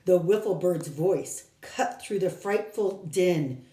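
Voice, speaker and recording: A woman teacher reading a storybook aloud to her class in a slow, expressive manner. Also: fairly low pitch. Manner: slow, expressive read-aloud with lively voicing. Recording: roomy, from a distance.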